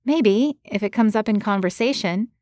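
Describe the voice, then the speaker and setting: A woman's voice: medium pitch, moderate pace, a little mellow, dry recording, natural voice. A woman voicing a hopeful young female matchmaker who speaks eagerly.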